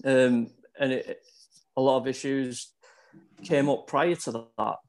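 A man's voice: mid-range voice, fairly even intonation, takes it slowly. A middle-aged British man talking as a guest in a casual podcast chat, laid-back and hesitant with many fillers. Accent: British English.

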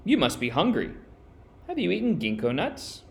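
A quick-witted eldest girl calls up high and bright, voiced by a man reading a storybook aloud. Her lively voice swoops up and down as she outsmarts a wolf. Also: creaky, heavily acted. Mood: wary.

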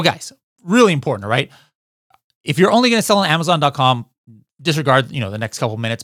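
A man hosting a podcast, giving an energetic how-to talk to listeners he keeps calling guys. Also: mid-range voice, dry recording, clean studio sound. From United States. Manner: energetic, addresses listeners as guys, frequent "all right?". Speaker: podcast host.

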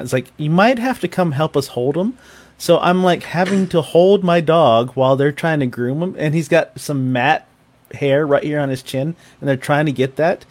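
Man telling a story with lots of laughter. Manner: animated storyteller, acts out voices with big pitch jumps and laughs. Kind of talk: casual chat.

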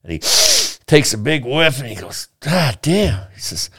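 A man's voice: mid-range voice, sing-song, moderate pace, bright, forceful tone, dry recording, clean studio sound. A man telling a long joke in a casual, rambling way, acting out the characters' lines. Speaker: podcast host telling a joke.

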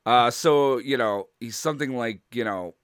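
A man co-hosts a laid-back podcast and keeps the jokes going. His voice is mid-pitched and recorded dry and close. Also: normal speed, fairly bright tone, smooth, no echo. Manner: joking, riffs on voices. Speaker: podcast co-host. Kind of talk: casual chat.

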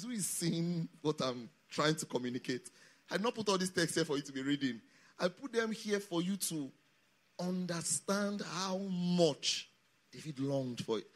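A man preaching a sermon at a camp meeting, emphatic and calling the congregation to read scripture aloud with him. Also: a little high. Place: church or camp meeting hall.

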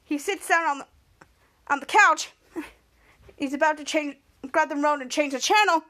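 Podcast host, woman, very high voice, rambling casual recap. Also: moderate pace, bright, forceful tone. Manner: rambling, with frequent restarts.

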